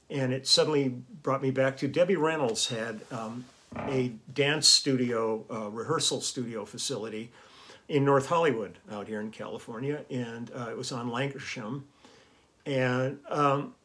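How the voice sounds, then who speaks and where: A man's voice: mid-range voice, a bit bright. A man hosting his own vlog, telling a casual, rambling story with chuckles and fillers. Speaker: vlog host and musician.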